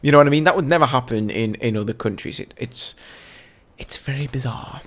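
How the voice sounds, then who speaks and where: A man's voice: medium pitch, fast talker, a bit bright. Chatty young Englishman telling stories. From England. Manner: chatty and rambling, full of "you know". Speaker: gaming channel host. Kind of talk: casual storytelling commentary.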